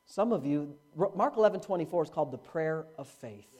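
A middle-aged male pastor preaching a sermon, with dramatic swings from hushed to loud. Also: a little fast. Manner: animated preaching with dramatic swings in pitch and volume. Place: church, live-streamed.

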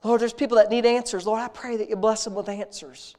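A man's voice: high voice, fairly even intonation, brisk, a little mellow. A man leading a congregation in spontaneous, heartfelt prayer, talking in an intimate, conversational way and repeating phrases of praise. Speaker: prayer leader.

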